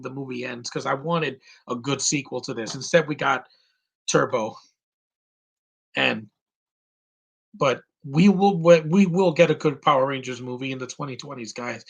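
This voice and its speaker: Male streamer, 30s, choked up and near tears, earnest halting delivery, average pitch. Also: gravelly, husky. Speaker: live stream host. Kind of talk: emotional live commentary.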